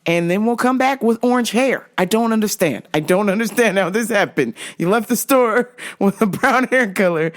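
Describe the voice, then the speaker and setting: A woman's voice: medium pitch, moderate pace, few pauses. A woman hosting a casual monologue, blunt and profane, laughing often as she talks. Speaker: host.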